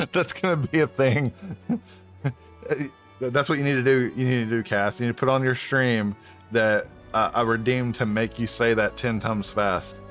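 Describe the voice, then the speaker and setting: A man's voice: mid-range voice, normal speed, fairly bright tone. A young man commenting casually while playing a game on stream, laughing often and swearing, rambling loosely. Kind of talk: casual let's-play commentary. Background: faint game music.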